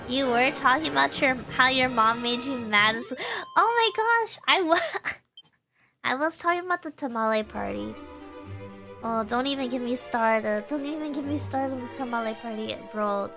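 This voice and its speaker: A chatty woman streamer with a Texas accent, her voice sitting a bit high. She laughs often and answers chat while talking over clearly audible game music. Her nose sounds a little stuffy. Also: expressive, normal speed. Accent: Texan. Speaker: VTuber streamer. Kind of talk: casual live-stream chat.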